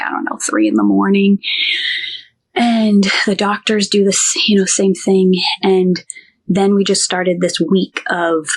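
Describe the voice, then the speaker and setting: Husky-voiced woman telling a personal story. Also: on the low side. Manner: animated, acts out quoted dialogue, frequent "like". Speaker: podcast guest.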